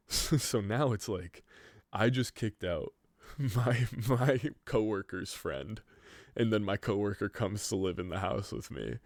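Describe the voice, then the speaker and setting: Young guy podcast host, super deep voice, rambling cussing story, lots of "like", dry close sound. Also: darkish tone, no echo. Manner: rambling, profane, heavy use of "like". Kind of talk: casual storytelling chat.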